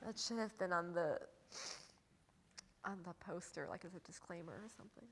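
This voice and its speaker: A woman's voice: lowish voice, normal speed, a little hiss or hum. Emotional woman author on stage. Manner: emotional, laughing, reflective. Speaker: author and journalist guest. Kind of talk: onstage interview. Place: community stage event with audience.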